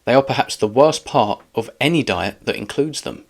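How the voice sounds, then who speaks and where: A man's voice: mid-range voice, expressive, moderate pace, gravelly. A man hosting a reaction video, arguing back sarcastically at a clip. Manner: sarcastic, argumentative. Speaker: channel host reacting to a clip. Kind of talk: reaction commentary.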